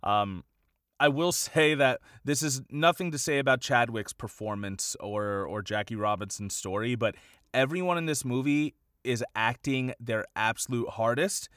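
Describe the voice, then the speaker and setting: A man co-hosting a podcast in a relaxed, conversational way. He rambles through his points, leaning on "like" and "you know" as he goes. His voice sits at an ordinary male pitch and sounds dry and close, with no room around it. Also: normal speed, clear, resonant tone, no room sound. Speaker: podcast co-host. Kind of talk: casual podcast chat.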